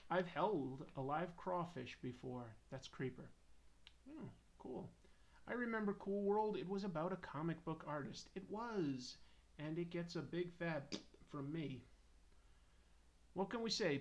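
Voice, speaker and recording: A man's voice: fairly high pitch, expressive, measured pace. A man hosting a comics livestream, joking casually and reading viewer comments aloud while he draws. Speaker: comics YouTube host.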